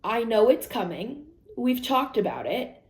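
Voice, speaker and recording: A woman's voice: fairly high pitch, sing-song, unhurried, darkish tone. A young adult woman talking candidly and rambling in a casual vlog, laughing often and quoting her own and others' words. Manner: candid, rambling, with frequent laughs and quoted asides. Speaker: vlogger. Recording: echoey room.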